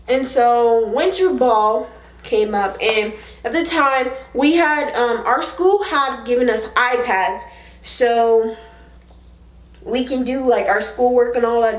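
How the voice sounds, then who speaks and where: A young adult woman telling a story to her viewers in a frank, animated way, full of fillers. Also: fairly high pitch. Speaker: vlogger. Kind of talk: casual storytime to camera. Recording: echoey room.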